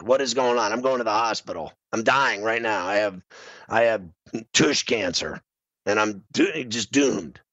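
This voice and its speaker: Gravelly-voiced man telling a comic story. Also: dry recording, lo-fi sound. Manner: animated storyteller, bursts into high screaming. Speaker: radio show host. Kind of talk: comedic storytelling.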